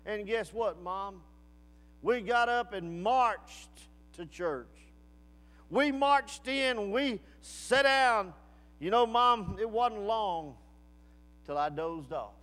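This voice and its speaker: A man's voice: sits high, lively intonation, slow, fairly bright tone, heavily acted. A man voicing a weary young army draftee writing a complaining letter home to his mother. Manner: complaining, plaintive. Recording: long reverb of a large hall.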